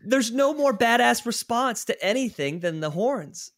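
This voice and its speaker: A young man co-hosting a casual podcast chat, animated and laughing often, with bursts of loud emphasis. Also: very high-pitched, unhurried, no room sound, studio quality. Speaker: podcast co-host.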